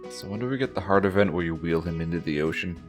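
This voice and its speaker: A man trading deadpan jokes with friends during a game. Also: deep voice, quick pace, soft background music. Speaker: let's play co-host. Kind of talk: casual gameplay banter.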